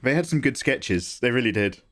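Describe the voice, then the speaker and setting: While drawing on a livestream, a young man chats casually, drifting from topic to topic and laughing often as he tells rambling anecdotes. His medium-pitched voice is animated and fairly bright, at a normal speed.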